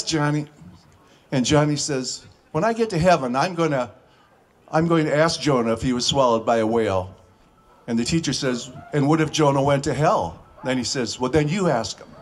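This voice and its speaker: A man telling short stand-up jokes in a folksy way, with filler pauses and restarts. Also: medium pitch. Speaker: comedian.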